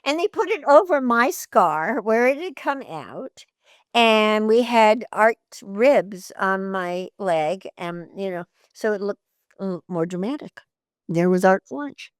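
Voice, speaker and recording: An older actress, a guest in an interview, tells lively anecdotes, laughs often and acts out the voices of people in her stories. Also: mid-range voice, takes it slowly, no echo, studio quality.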